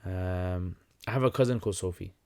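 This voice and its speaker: A young man hosting a casual livestream Q&A, talking in a relaxed, conversational way with many fillers and restarts. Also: deep voice, brisk. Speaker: livestream host answering questions.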